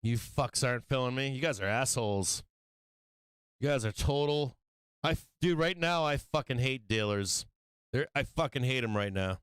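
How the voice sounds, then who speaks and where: A man's voice: mid-range voice, animated, normal speed, fairly bright tone, clear, resonant tone, no echo. A man hosting a stock trading live stream, talking casually, swearing and venting frustration about his trades.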